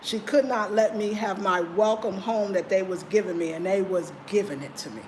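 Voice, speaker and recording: American woman on a livestream, heartfelt, chatting with her viewers, mid-pitch voice. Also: normal speed, darkish tone, a little hiss or hum, rough recording. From United States. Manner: earnest and heartfelt, addressing viewers directly. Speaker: livestream host. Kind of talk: casual livestream chat, reading viewer comments. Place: indoors in Ghana.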